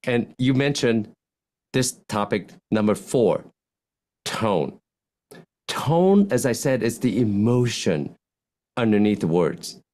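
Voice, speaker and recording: A man, a physician, giving speaking advice as a podcast guest, animated and lively, swinging his voice up and down and acting out example lines in contrasting tones. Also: takes it slowly, long pauses. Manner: animated, swings pitch widely to demonstrate points. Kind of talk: podcast interview, coaching talk.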